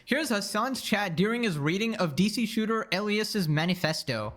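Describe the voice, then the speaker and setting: A man's voice: sits high, expressive, normal speed, a bit bright. Sarcastic male react host. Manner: mocking, sarcastic. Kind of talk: casual react commentary.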